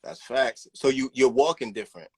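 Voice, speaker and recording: Husky man giving brief agreeing responses. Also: mid-range voice, normal speed, no echo. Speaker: interviewer. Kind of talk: interview conversation.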